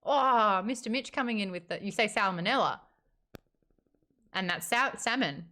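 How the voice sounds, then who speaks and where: An Australian woman hosts a casual live-stream chat. Her voice is bright and her manner playful, laughing often as she jumps between topics. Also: medium pitch, lively intonation, normal speed. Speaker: host.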